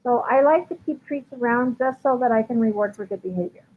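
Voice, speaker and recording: A fairly high-pitched woman talks a little fast as she answers viewer questions as a dog trainer in a casual livestream. Chatty and heavy on ums and likes, she comes through a computer mic with a tinny, phone-like quality and faint hiss.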